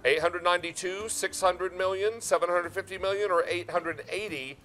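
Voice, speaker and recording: A man hosting a live TV shopping show from a studio kitchen, chatty and emphatic as he pitches a product. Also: normal speed, fairly bright tone, soft background music. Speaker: TV shopping host.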